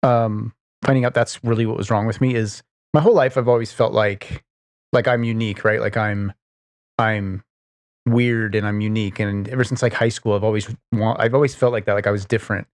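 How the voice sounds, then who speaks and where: A man's voice: lowish voice, fairly even intonation, fairly quick, dry recording, studio quality. A man hosting his own podcast, chatting casually in a rambling, profane way with lots of "like" and "you know". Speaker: podcast host. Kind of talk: casual solo chat.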